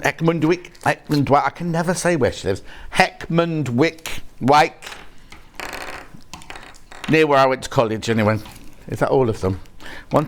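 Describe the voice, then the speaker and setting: A man's voice: fairly high pitch, fairly bright tone, a little hiss or hum. Chatty man presenting on a shopping channel. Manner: chatty, jokey, reads viewer messages aloud. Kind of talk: live TV sales chat. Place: TV studio.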